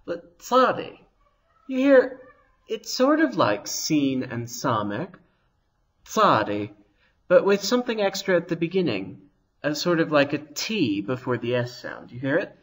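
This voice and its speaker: Slow, lively-pitched male language teacher. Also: poor audio. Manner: patient, explains slowly and demonstrates sounds aloud. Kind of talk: recorded video lesson.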